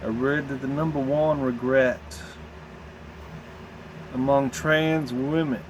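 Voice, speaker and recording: A man speaks in a Southern American drawl, haltingly, stopping and restarting as he searches for words. His pitch sits in an ordinary middle range. A steady hum of noise runs underneath the recording. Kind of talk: candid personal vlog.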